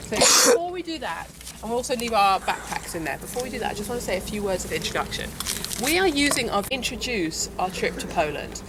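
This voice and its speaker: A woman's voice: mid-range voice, sing-song, fast, heavy background noise. A woman tour guide briefing a group, organised and explanatory.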